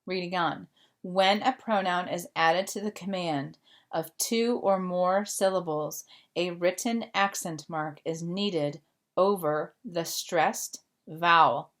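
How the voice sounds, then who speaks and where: A woman Spanish teacher's fairly low voice unfolds slowly in this recorded remote class. She explains a grammar point to students with patience and plenty of fillers.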